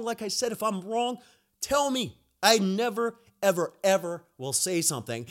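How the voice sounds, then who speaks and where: A young man hosting a podcast, delivering a heated, profane rant and repeating himself when angry. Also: high voice. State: recovering from being sick. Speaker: podcast host. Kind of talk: angry ranting monologue.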